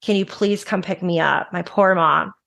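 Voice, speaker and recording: A woman in her thirties, a recovery advocate, telling her story frankly and emotionally in quick bursts with restarts. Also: on the low side, steady tone, creaky, a bit bright. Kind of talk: candid personal storytelling.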